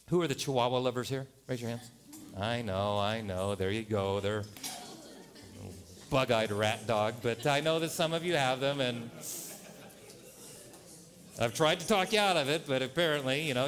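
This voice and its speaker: A male pastor preaching a sermon in a church, animated and joking, jumping to loud punchlines. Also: medium pitch. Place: church sanctuary.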